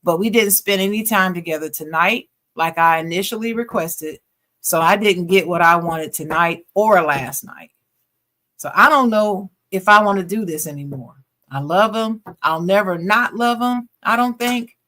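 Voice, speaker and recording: A female podcast co-host, medium-pitched and speaking at a moderate pace, reads a listener's letter aloud with expression. She occasionally stops to add offhand, slangy comments.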